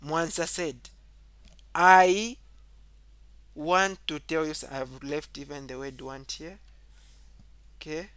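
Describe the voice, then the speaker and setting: Man, teacher, bright voice, somewhat high, dry close sound, step-by-step explaining, repeats himself. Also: steady tone, slow pace, pauses often, smooth, dry recording. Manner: explains step by step, repeats points, says okay often; reads example sentences aloud louder and higher. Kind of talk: whiteboard grammar lesson.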